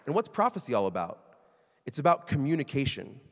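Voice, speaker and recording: A man preaching a sermon in a conversational, animated way, sometimes acting out quoted voices. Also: mid-range voice, fairly quick, in a large hall. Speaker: pastor.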